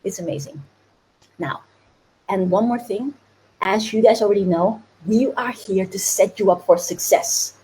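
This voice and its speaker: A woman hosts a live online business challenge, giving a bubbly, upbeat motivational talk, laughing often and urging viewers to comment. Her mid-range voice is warm and unhurried, though the audio quality is poor.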